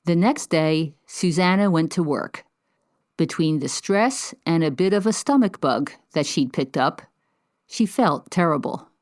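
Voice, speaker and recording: A woman narrating in a measured, even manner. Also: on the low side. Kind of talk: scripted narration.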